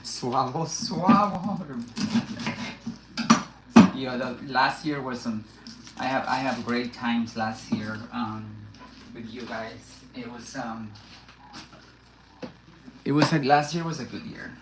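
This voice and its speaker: A woman hosts a live cooking stream from her home kitchen, talking slowly and casually as she works, often stopping to restart her sentences. The room rings with echo, and pots, cutlery and dishes clatter loudly behind her. She chats to her viewers as if they were standing right beside her. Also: extremely low pitch, steady tone, heavy background noise. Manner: chatty, talks to herself while cooking, rambling restarts. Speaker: cooking livestream host. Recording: echoey kitchen with loud pan and dish clatter.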